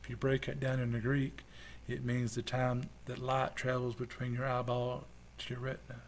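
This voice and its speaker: A male preacher delivers a sermon and prayer in a church. His mid-range voice swings between loud, fervent bursts and hushed asides. A faint background hiss sits under the recording. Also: mid-range voice, monotone, moderate pace. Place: church with online stream.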